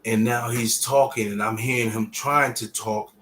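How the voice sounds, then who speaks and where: A man's voice: medium pitch, fairly even intonation, normal speed, a little hiss or hum, poor audio. A man telling an emotional personal story to his viewers in casual, profane speech, his voice falling to near-whispers and then swelling again. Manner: drops to near-whispers and rises to shouts while retelling. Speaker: vlogger sharing a personal story.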